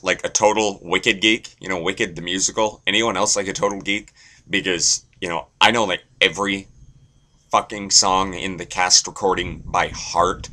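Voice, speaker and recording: A man's voice: low-pitched, bright, forceful tone. A young man talking casually to camera in a rambling, crude, self-deprecating vlog monologue. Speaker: vlogger.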